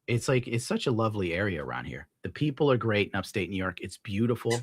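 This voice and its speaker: A man ranting casually on his stream at home, swearing, laughing often and scolding his dog loudly between points. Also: fairly low pitch, big pitch swings, fast, hardly any pauses, breathy edge, dry recording, clean studio sound. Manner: profane, rambling, laughs often. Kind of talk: casual rant on a live stream.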